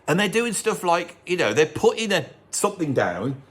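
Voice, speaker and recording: A man's voice: sits high, very animated, moderate pace, a bit bright, slightly rough. Rambling middle-aged man vlogging. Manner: rambling, digressive, self-interrupting. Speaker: music video host. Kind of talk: casual opinion vlog. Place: cold home room, standing.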